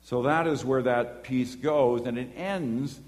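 A man's voice: medium pitch, slow. Man preaching in a reverberant hall. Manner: animated storytelling, acts out voices and horn beeps. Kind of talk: sermon with personal story.

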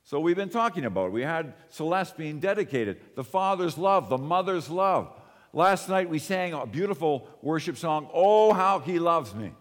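A man preaching a sermon as pastor, rising loud on key phrases and dropping low and quiet for personal asides. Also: animated, normal speed. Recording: long hall reverb.

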